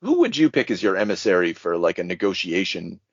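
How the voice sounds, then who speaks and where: A man's voice: sits low, huge pitch swings, fairly quick, husky, no room sound, lo-fi sound. A man co-hosting a podcast in casual chat, rambling with fillers and giggles. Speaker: podcast co-host.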